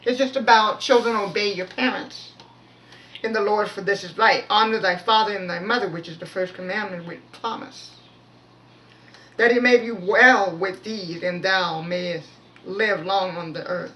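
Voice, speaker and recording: A woman giving a casual, rambling devotional talk with a prayer, often restarting her sentences and pushing her voice to be loud. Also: mid-range voice, normal speed. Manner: rambling, many restarts, pushes to speak loud. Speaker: devotional video speaker. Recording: voice from far off the mic, faint noise.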